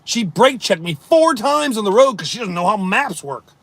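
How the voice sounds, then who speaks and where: A man's voice: high-pitched, big pitch swings, normal speed, gravelly, fairly bright tone, dry recording. A man telling a long story on a casual live stream, acting out his own thoughts as he rambles through it. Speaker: livestreamer reading chat.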